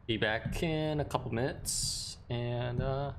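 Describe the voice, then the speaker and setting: A man's voice: mid-range voice, slow, a little hiss or hum. A man streaming a video game, making offhand, chatty commentary. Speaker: let's play streamer.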